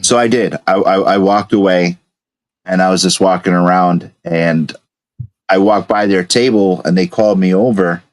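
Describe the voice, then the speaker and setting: A man's voice: low-pitched, fairly even intonation, normal speed. A man co-hosting a casual chat show, rambling through his stories with stumbling restarts. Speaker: co-host.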